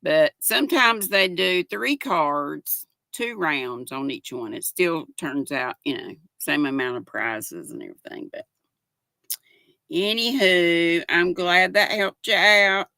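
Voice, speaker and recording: A woman's voice: lowish voice, animated, slow, gravelly, bright, forceful tone, dry recording. An older woman with a Southern US accent, chatting casually on a livestream, reading out viewer comments and greeting them by name in a folksy way. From United States. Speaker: livestream host. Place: home.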